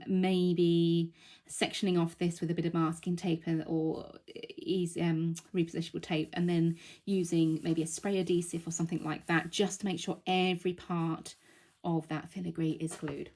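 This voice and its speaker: A woman's voice: on the low side, flat delivery, measured pace, a little mellow. Breathless woman demonstrating crafts. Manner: chatty, reassuring, thinks aloud with many ums. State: out of breath, recovering from illness.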